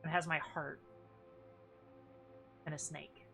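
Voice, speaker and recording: A woman's voice: low voice, flat delivery, takes it slowly, vocal fry, a bit bright, faint music behind. A woman streaming a game and chatting casually with her chat. She thinks aloud and swears often. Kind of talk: casual live game commentary.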